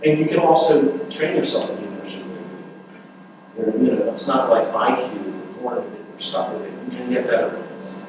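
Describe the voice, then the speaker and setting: A man leads a relationship workshop in an earnest, conversational way, often restarting sentences. His voice sits in the middle of the male range. He is heard from a distance in a strongly echoing room with clear background noise. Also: medium pitch, brisk. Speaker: workshop speaker. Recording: echoey room, mic far off, noisy.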